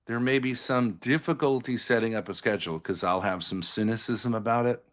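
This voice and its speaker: A man's voice: mid-range voice, a little fast. A man in a heated argument on a live stream, blunt, confrontational and swearing freely.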